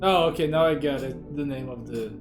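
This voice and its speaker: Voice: mid-range voice, a little fast, reverberant, soft background music. A reaction video host giving casual, chatty commentary with frequent chuckles.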